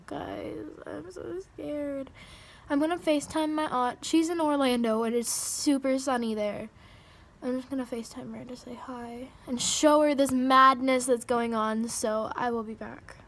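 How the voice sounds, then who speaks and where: Nervous high-voiced teen girl. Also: fairly even intonation, moderate pace, a bit bright, slight background noise. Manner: nervous, jittery, breathy asides. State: frightened and shaking. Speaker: vlogger. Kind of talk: casual vlog. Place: indoors at home by a window.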